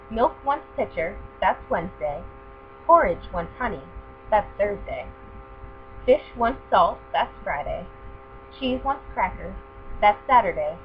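A woman voicing a desperate, determined mother in a storybook, speaking in a raised pleading voice, on a tinny recording with hum. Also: medium pitch. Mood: resolute.

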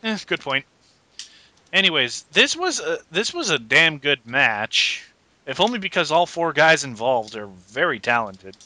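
Animated, bright-voiced man on a podcast. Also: fairly high pitch, unhurried, dry recording. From Scotland. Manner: animated, sarcastic. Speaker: podcast host. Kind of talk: casual wrestling podcast chat.

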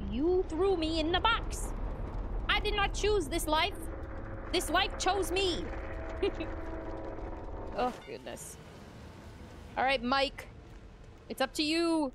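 A woman's voice: sits high, very animated, takes it slowly, long pauses, background noise. Woman streamer, swings up and down a lot, playful self-pitying gamer chatter. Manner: dramatic, swears freely, playful self-pity. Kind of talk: live gaming stream commentary.

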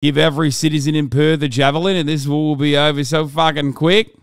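A man's voice: on the high side, little pitch movement, quick pace, smooth, dry recording, studio quality. A man streaming, giving loose, profane political commentary and reading chat aloud. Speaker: streamer reacting to news.

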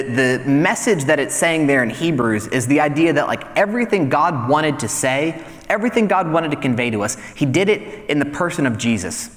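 A man in his thirties, a young adults pastor, preaching a relaxed, conversational sermon full of storytelling and light self-deprecating humor. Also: a little high. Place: church hall. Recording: reverberant hall sound.

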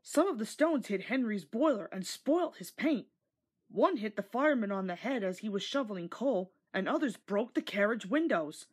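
Breathy woman reading a storybook aloud. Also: medium pitch, normal speed. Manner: expressive, gentle storytelling. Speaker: storybook narrator. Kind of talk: storybook read-along.

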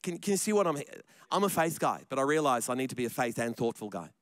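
Man, pastor, chatty sermon, smooth resonant voice, dry close sound. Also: medium pitch, sing-song, fast, no room sound. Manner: conversational preacher, joking asides, repeats words. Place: church.

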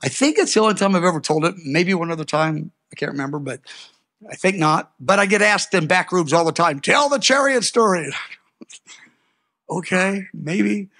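Man preaching a sermon, lively storytelling. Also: fairly high pitch, moderate pace. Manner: storytelling, animated with sudden loud peaks.

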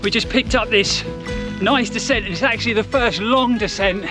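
A man's voice: high-pitched, moderate pace, over music. A man recording an upbeat, chatty vlog outdoors on mountain trails as he runs a race. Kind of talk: on-the-run vlog commentary.

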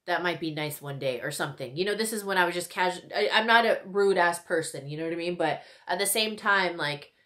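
A woman in her thirties chats to the camera as she does her makeup, her voice sitting a touch low. She rambles casually, packing in "like" and "you know" and laughing often. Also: fairly quick, few pauses, fairly bright tone. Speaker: beauty vlogger. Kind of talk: casual get-ready-with-me chat.

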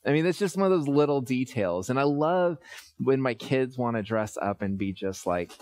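Pastor, male, 30s, relaxed storytelling sermon, mid pitch, lots of "uh"s. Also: normal speed. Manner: conversational, storytelling with many fillers.

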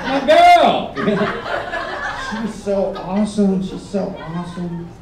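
On a resort comedy stage, a high-voiced man from Michigan does a stand-up set, telling animated stories and acting out the voices of the people in them. The live audio is roomy and heard from a distance, with background noise and audience laughter.

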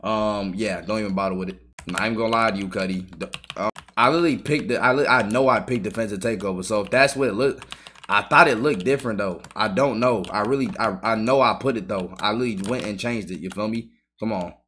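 A man giving live, trash-talking commentary over his own gameplay, excitable and full of swearing. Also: fairly low pitch, quick pace, slight background noise. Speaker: gaming YouTuber.

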